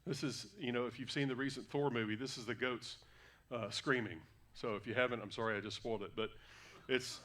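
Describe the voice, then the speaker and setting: A man's voice: medium pitch, steady tone, fairly quick, a bit bright. A man giving a sermon as a guest preacher, talking conversationally with frequent fillers and self-corrections in a church sanctuary.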